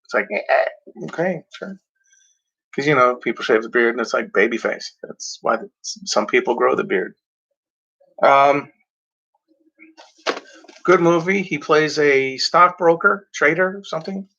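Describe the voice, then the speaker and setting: A man talking casually about movies, rambling and halting, often clearing his throat and filling pauses. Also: a little high, sharp tone, muffled recording. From Mexico. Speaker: movie reviewer. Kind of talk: casual movie talk, reading back covers.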